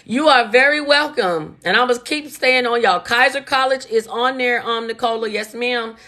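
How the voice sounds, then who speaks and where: A woman's voice: a little high, moderate pace, sharp tone. A woman, hosting a casual live stream and chatting directly with viewers. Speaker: host answering viewer questions.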